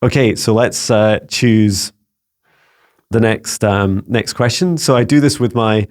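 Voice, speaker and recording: A man's voice: fairly low pitch, takes it slowly, a little mellow. A Scottish man hosting a spiritual guidance channel, talking casually in a musing, searching way with frequent fillers. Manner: musing, searching, full of "you know" and "um". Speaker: psychic mentor, channel host.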